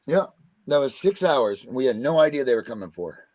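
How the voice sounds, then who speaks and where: Impassioned angry male guest, swearing, animated delivery. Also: mid-range voice, fairly quick. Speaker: guest, parent. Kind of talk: heated talk-show rant.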